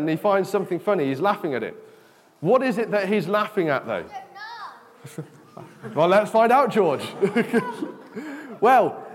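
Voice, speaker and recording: A man giving an interactive children's talk in church, chatty and often asking "okay?". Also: sits high. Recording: long echo of a large hall.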